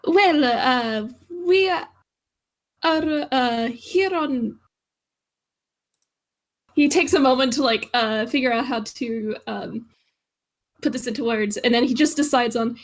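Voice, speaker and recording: High-voiced woman, hesitant player. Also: slow pace, pauses often. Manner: hesitant, full of uhs. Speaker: tabletop game player. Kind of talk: casual in-character play.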